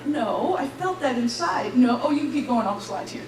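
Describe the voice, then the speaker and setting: A young woman with a high voice tells her testimony in a church hall, animated and quick to laugh as she acts out each voice in her story. She sounds distant from the mic, and the room rings with echo under a faint hiss. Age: young adult. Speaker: graduate giving a testimony.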